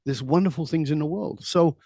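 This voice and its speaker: A middle-aged man speaking as an interview guest, his voice sitting a little higher than most men's. He tells his stories with animated energy, quick asides and easy laughter. The sound is dry and close, with no room echo. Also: vocal fry. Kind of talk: conversational storytelling.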